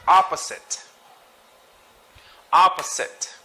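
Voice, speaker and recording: Slow, bright-voiced male English teacher. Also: a little high, animated, slight background noise. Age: adult. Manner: slow and deliberate, repeats each word twice with brief explanations. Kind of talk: pronunciation lesson, reading sight words.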